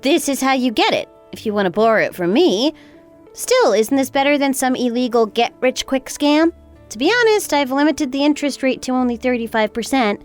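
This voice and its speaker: A woman's voice: sits high, expressive, brisk, soft background music. A woman playing a coolly scheming young wife. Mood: sweetly businesslike. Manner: sweetly polite yet cutting. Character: cool, calculating young wife getting even. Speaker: daughter-in-law.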